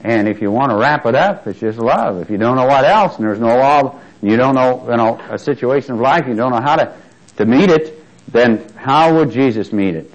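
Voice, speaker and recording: Male preacher, mid-pitched, chatty sermon delivery, emphatic swells, quizzes the flock. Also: moderate pace, highs cut off. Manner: conversational, asks the congregation questions.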